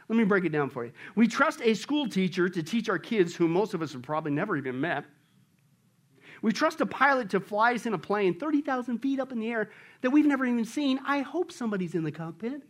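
A man preaching a sermon with great energy, swinging from shouts down to low murmurs. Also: very animated, a little fast. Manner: acts out voices in a joke. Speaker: pastor.

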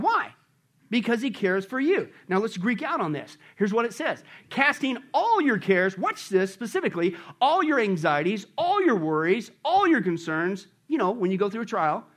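Pastor guy preaching in church, kinda high voice, lots of questions to the crowd. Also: normal speed. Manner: animated, asks the congregation rhetorical questions. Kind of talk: sermon.

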